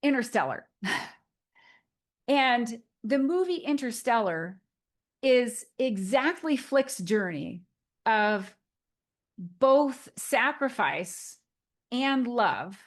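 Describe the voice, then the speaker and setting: A woman's voice: on the high side, animated, extremely slow, pauses often. A woman in her forties giving a casual motivational talk to the camera, retelling movie scenes in a chatty storytelling way. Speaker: motivational speaker.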